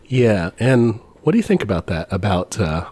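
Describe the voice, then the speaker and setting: A man's voice: on the low side, sing-song, moderate pace, darkish tone, husky. A man co-hosting a podcast, talking earnestly and rambling with many restarts. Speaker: podcast co-host. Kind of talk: casual political chat.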